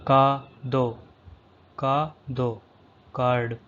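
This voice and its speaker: Very slow man drilling vocabulary. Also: mid-range voice, little pitch movement, fairly bright tone. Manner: says each word twice, then the English. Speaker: language teacher. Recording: slightly dull lo-fi recording, faint background hum.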